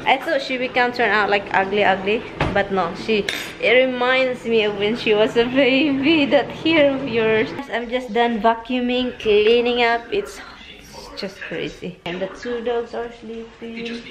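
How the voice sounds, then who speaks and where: A woman's voice: on the high side, unhurried, a crowd in the background, rough recording. A woman from the Philippines, chatting casually at home in a rambling vlog and talking to her pets. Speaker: vlogger.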